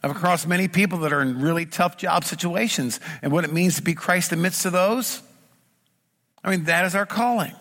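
A middle-aged pastor delivers a sermon in church, earnest and emphatic, piling one repeated phrase onto the next at a moderate pace. His voice is a bit high for a man, bright and forceful, with a long reverb trailing through the sanctuary.

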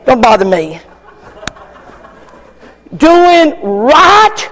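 Brief: older male preacher, fiery, high voice, slow and swooping. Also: lively intonation. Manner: fiery, shouting, acts out congregants. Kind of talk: sermon.

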